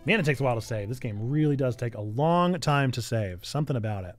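A man's voice: mid-range voice, lively intonation, fast. A man streaming a game, chatting casually in a jokey, rambling way. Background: faint piano music.

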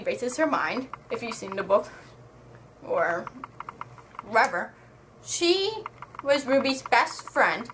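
A woman's voice: a little high, fairly bright tone, a little hiss or hum, poor audio. A woman giving a casual, exasperated review to camera, talking in slang and ranting with a lot of energy. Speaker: book and movie reviewer.

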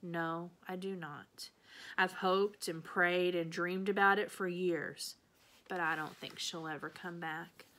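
Brief: woman doing a gentle grieving preacher, soft and low-voiced. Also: fairly even intonation, slow. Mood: sad.

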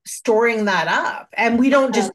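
A woman's voice: a little high, unhurried. A woman hosting a podcast, answering her guest in an affirming, thoughtful way and building on her points. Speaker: podcast host. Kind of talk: conversational interview.

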